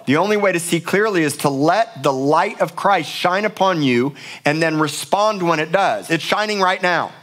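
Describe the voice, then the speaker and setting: A man's voice: a little high, expressive, moderate pace, a bit bright. A middle-aged male pastor preaching a sermon in a church, emphatic and passionate, often repeating words for force. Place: church sanctuary.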